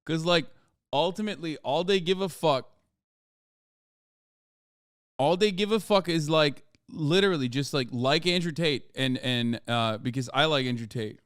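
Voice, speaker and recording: A man's voice: on the high side, measured pace, a bit bright, smooth, no echo, clean studio sound. A man hosting a livestream, giving casual commentary in a blunt, profane and heated way. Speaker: livestream host.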